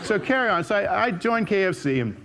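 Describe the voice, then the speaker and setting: An older man tells stories from his life on stage, rambling warmly through false starts and repeated words, and jumping up in pitch to act out what others said. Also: sing-song, a little fast, gravelly, crowd noise, noisy background. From United States. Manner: chatty storyteller with frequent restarts and repeated words; jumps up in pitch when acting out what people said. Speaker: speaker. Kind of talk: storytelling talk on stage. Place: auditorium stage.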